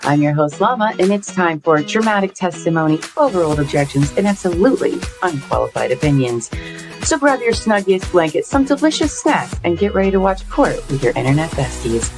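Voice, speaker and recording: A woman's voice: on the low side, big pitch swings, fairly quick. Playful woman host reading an intro over guitar. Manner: playful, cozy. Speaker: show host. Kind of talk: scripted show intro.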